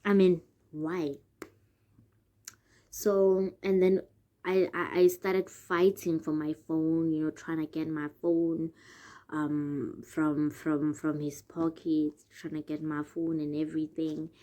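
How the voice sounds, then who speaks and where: Mellow-voiced South African woman vlogger. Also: low-pitched, little pitch movement, slow pace. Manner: chatty, addresses viewers as guys. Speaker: YouTuber. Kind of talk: casual storytime vlog.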